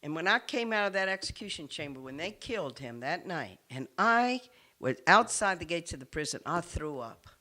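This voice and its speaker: Earnest nun giving an impassioned speech. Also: female voice, fairly low pitch, lively intonation, normal speed. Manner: earnest, swings from forceful to hushed. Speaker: nun speaking to an audience. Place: room with a live audience.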